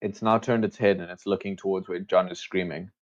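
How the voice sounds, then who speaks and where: A man narrating a tabletop game as game master, slow, measured and hushed. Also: sits low, fairly even intonation, highs cut off, a little hiss or hum.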